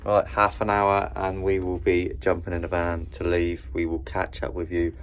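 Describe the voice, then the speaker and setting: A man chatting casually as he vlogs a fishing trip, joking around in a relaxed way. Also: low-pitched, normal speed. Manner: chatty, jokey, laid-back. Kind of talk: casual vlog chat. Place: outdoors and in a car. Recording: lo-fi with noise.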